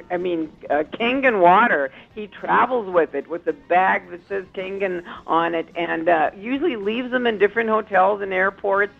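Gravelly woman over a tinny line. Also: medium pitch. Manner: rambling, many fillers and restarts. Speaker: radio co-host. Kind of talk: casual radio chat.

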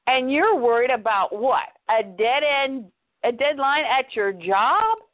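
A woman's voice: high voice, lively intonation, slow. A woman voicing a scornful grown man who bluntly lectures an old friend. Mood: scolding. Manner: blunt, scolding. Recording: tinny phone-like line.

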